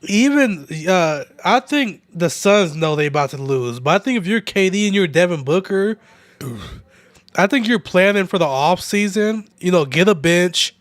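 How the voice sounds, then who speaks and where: A man's voice: high-pitched, animated, normal speed, no room sound. A man chatting casually on a livestream at home, laid-back and teasing with his viewers. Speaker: game streamer.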